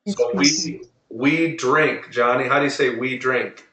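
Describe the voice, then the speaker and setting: A man teaching Spanish to a small group over a video call, patiently drilling and repeating words slowly. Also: mid-range voice, sharp tone, reverberant, recorded from a distance, slight background noise, poor audio. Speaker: Spanish tutor. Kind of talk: online group lesson.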